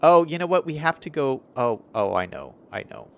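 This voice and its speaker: A man live-streaming a city-building game, talking his plans through out loud and changing his mind as he goes. His pitch swings widely, rising and falling from one phrase to the next. He speaks casually, straight into a desk mic. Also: sing-song, normal speed, vocal fry. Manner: thinks aloud, chatty, self-correcting. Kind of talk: casual gameplay commentary.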